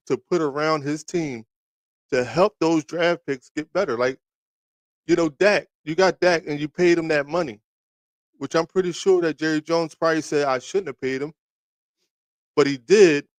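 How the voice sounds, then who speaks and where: Guy running a sports talk stream, kinda high voice, dry close sound, rambly trash talk to the chat. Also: dry recording. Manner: rambling, animated, trash-talking with many restarts. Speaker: sports talk livestream host. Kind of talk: casual sports talk to live chat viewers.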